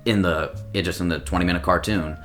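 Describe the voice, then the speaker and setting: A man with a very low voice talks through film opinions in a relaxed podcast chat. He builds his points in long, reasoned turns. Faint music plays underneath. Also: quick pace. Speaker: podcast co-host. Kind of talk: casual chat.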